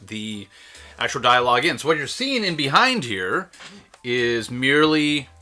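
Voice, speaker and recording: A man with a bright, forceful voice chats casually on a livestream, wandering through his explanations with lots of ums and uhs. His pitch sits in the middle of the male range. He sounds like a relaxed co-host talking through animation work. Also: a little slow. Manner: rambling explainer, many fillers.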